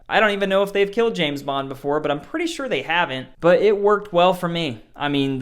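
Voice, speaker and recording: A man with a slightly high voice talks through a film review in a loose, chatty way. He sounds excited, fills his sentences with "like," and acts out scenes with little noises. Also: smooth. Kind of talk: casual spoken movie review.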